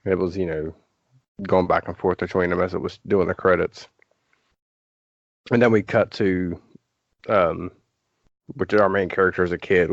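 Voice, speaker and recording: A man's voice: low voice, vocal fry, dry recording. A man chatting casually as a podcast guest, rambling with many fillers and restarts. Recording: dull lo-fi podcast audio.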